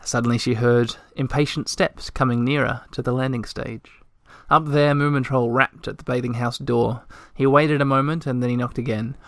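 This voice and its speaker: Man narrating a storybook, gentle and measured, dry close sound. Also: medium pitch, steady tone, dry recording. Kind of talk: storybook reading.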